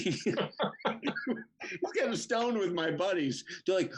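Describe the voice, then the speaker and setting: A man's voice: sits high, takes it slowly, pauses often, slight background noise. A man from Connecticut telling funny family stories on a video call, full of quoted voices. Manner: animated anecdotes, playful mother impressions. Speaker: comedian.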